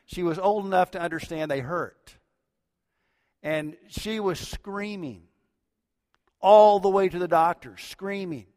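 Middle-aged man, pastor preaching, fairly high voice, loud emphasis dropping to hushed lines, reverberant hall. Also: slow, long pauses. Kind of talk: sermon.

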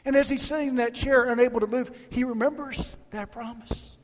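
High-voiced man preaching in a reverberant church. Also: steady tone, fairly quick. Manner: storytelling, swings from loud to near whisper. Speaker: guest pastor. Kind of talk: sermon with altar call. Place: church sanctuary.

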